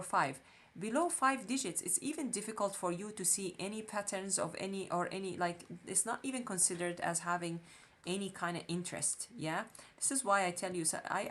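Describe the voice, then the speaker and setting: A woman's voice: lowish voice, fairly bright tone. Woman thinking aloud in a screen tutorial. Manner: thinking aloud, frequent fillers and restarts. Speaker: online marketing instructor. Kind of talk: screen-share tutorial walkthrough.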